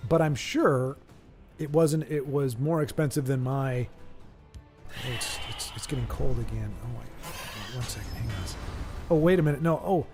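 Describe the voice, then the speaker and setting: A man's voice: mid-range voice, moderate pace, darkish tone, faint music behind. A man hosting a live game stream, chatting casually with viewers and commenting on matches in a joking, rambling way that stumbles over repeated words.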